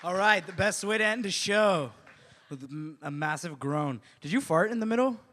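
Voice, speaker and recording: A man's voice: high voice, expressive, normal speed, long reverb tail. A man hosting a comedy open mic, bantering briefly and hyping up the next act. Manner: hyped-up introductions, builds to a shouted name. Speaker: show host. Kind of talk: emcee introductions.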